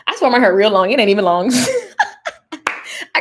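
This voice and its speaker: A woman's voice: fairly high pitch, huge pitch swings, moderate pace, pauses often, slightly rough. A woman hosting a casual live stream from her phone, upbeat and chatty, hyping up her viewers and greeting commenters by name. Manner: chatty, with fillers and restarts. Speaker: online business coach hosting a live stream.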